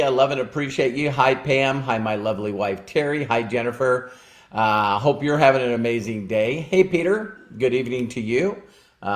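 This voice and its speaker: A man hosting a casual motivational livestream, chatting and greeting viewers by name. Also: medium pitch. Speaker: livestream host.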